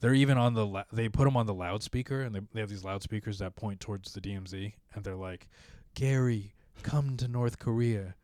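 A man with a lowish, smooth voice tells a story on a podcast in loose, casual chat. He rambles along with plenty of fillers and acts out the voices of the people he quotes. The sound is dry and close. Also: steady tone, quick pace, few pauses, a little mellow, no room sound. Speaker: podcast host telling a story.

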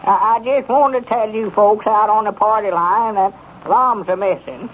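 An actor playing a worried, simple-hearted country storekeeper with a rural Arkansas accent, talking in a halting, fretful drawl. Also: male voice, high voice, lightly acted. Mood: on the phone. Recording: muffled 1930s radio broadcast with faint hiss.

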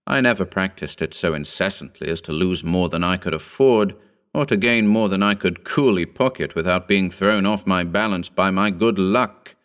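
A man narrating a Victorian short story in a measured, formal reading style. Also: low voice, fairly bright tone, smooth.

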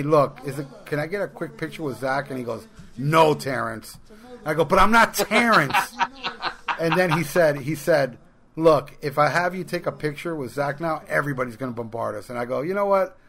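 A man's voice: on the high side, brisk, fairly bright tone. A man co-hosting a podcast, telling long casual anecdotes with restarts and swearing. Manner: rambling anecdotes with restarts and profanity. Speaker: podcast co-host. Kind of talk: casual chat, storytelling.

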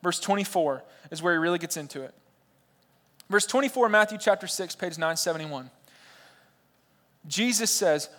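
Man, high voice, pastor, young, preaching in a big church, animated with quips to the crowd. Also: normal speed, long pauses. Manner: animated, jokey asides to a large crowd. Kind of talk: sermon. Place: large church auditorium.

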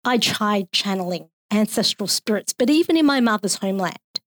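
A woman with an Australian accent reading her own poem aloud in a measured, expressive way. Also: mid-range voice, no echo, studio quality.

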